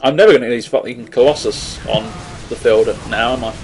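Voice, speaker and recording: A man's voice: medium pitch, fairly quick, darkish tone, faint music behind, low-quality recording. A man giving casual, rambling commentary on a strategy game, swearing often and joking at his own expense. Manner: rambling, swearing, self-mocking. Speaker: gameplay commentator.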